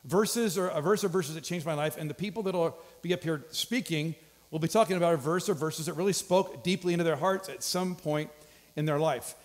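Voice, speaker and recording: A man's voice: on the high side, fairly quick. A man, a pastor, giving announcements and introducing a guest speaker with an upbeat, joking manner. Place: large church hall. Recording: hall reverb from a church stage.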